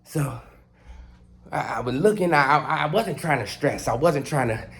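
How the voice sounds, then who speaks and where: Man, casual vlog storytelling, animated, curses a lot, slightly high voice. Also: moderate pace. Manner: animated, profane, heavy cursing. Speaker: pet owner vlogger.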